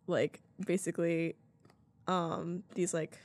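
A woman's voice: fairly low pitch, flat delivery, slow pace, a little mellow. A young woman co-hosting a podcast in casual chat, rambling with lots of fillers. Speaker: podcast co-host.

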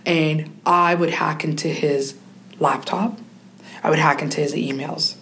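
A woman's voice: low voice, a little slow. Woman telling a candid personal story. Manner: emotional, animated, mimics family voices. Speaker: podcast guest.

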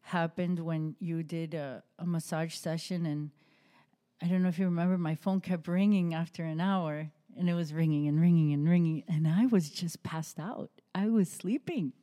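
A young adult woman speaks in a heartfelt, halting way, sharing a personal story as a podcast host. Her voice sits a little low and sounds mellow and warm. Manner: heartfelt, halting, with restarts and soft laughs. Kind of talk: emotional personal testimony in an interview.

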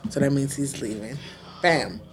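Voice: mid-range voice, moderate pace. A middle-aged podcast co-host and parent in casual chat, easygoing, mostly answering in short interjections.

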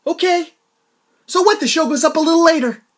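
A man hosting his own podcast, telling a story in a casual chat, excitable and swinging from loud laughing outbursts to low mutters. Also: brisk. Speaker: podcast host. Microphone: podcast mic.

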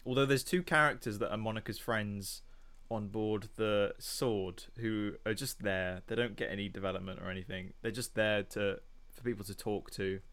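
A man's voice: on the low side, fairly even intonation, normal speed, a bit bright. A man co-hosting a film podcast, chatting casually in a rambling, hesitant way. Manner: rambling, hesitant, retells chats with voices. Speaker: podcast co-host. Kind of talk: casual film review chat.

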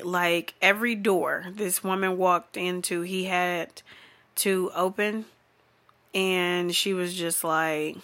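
A young woman telling a comedic, profane story about her day, swinging between hushed asides and loud, exasperated outbursts. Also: lowish voice. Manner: breaks into laughter while talking.

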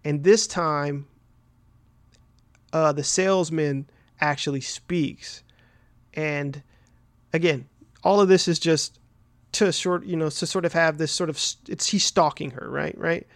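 A man's voice: a little high, fairly even intonation, measured pace, long pauses, dry recording. A man hosting a podcast, casually recapping a film plot in a rambling, profane way, full of fillers and "right?" tags. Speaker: podcast host.

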